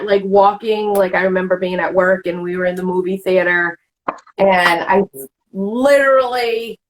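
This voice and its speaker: A woman hosts a casual chat, speaking candidly and rambling as she acts out what people said. Her voice sits in the mid-range, and the low-quality recording carries slight background noise.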